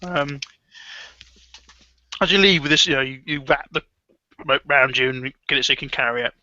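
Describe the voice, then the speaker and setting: Bright-voiced man running a tabletop game. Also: medium pitch, normal speed, no room sound, dull audio. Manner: hesitant, full of ums and restarts. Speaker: game master. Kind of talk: narrating a tabletop horror game.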